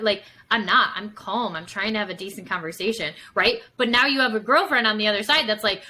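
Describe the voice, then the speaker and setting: A woman's voice: mid-range voice, fairly quick, hardly any pauses, pushed and bright, low-quality recording. A woman psychotherapist talking casually as a podcast guest, full of fillers and acting out examples as she explains. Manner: chatty, many fillers, acts out examples.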